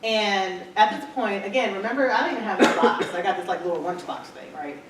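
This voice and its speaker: A woman speaker tells her business story to an audience, acting out what people said to her as she goes. She sits at a middling pitch. The recording is distant and very echoey, with a faint hiss underneath. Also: a little fast. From Michigan, USA. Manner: animated storyteller acting out quoted dialogue. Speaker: entrepreneur speaker. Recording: echoey hall, far from mic, faint noise.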